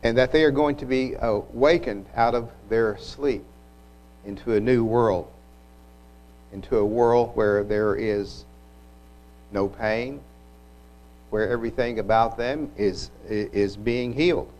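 A man delivers a sermon, walking through a scripture passage at a very slow, deliberate pace. His pitch sits in an ordinary middle range, and he pauses and restarts now and then as he reflects aloud. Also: a little mellow, rough recording. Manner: unhurried, reflective, with occasional restarts. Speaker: preacher.

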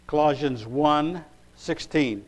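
A man preaching a sermon, reading scripture aloud and pausing as he looks up verses. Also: a little high, poor audio. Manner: unhurried, pausing while looking up verses.

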